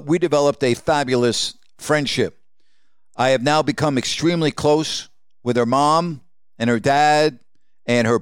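A man's voice: medium pitch, clear, resonant tone, no echo, clean studio sound. A man hosting his own podcast, telling a personal story in a conversational way and acting out quoted exchanges with the people in it. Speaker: podcast host.

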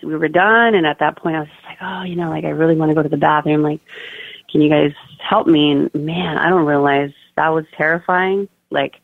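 A woman's voice: low voice, steady tone, brisk, vocal fry, dry recording. A young woman chatting casually as a podcast guest, full of fillers like "like" and "oh my God.". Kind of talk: casual birth-story interview. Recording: dry tinny phone-like line.

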